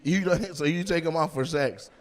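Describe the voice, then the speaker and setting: A man doing loud, teasing crowd work as a stand-up comedian on a comedy club stage, with a handheld mic. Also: on the high side, a little hiss or hum. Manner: loud, teasing, quick-jumping between voices.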